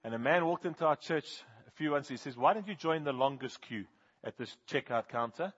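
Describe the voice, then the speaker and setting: A man preaching a sermon, telling animated stories and swinging from loud bursts to hushed, slow appeals. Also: a little high. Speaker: pastor. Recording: dull, muffled sound.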